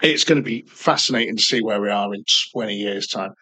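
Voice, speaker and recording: A man's voice: on the low side, a little fast, pushed and bright, poor audio. A man co-hosting a podcast, chatting casually over beers in a rambling, sweary, jokey way. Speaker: podcast co-host. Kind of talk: casual pub chat.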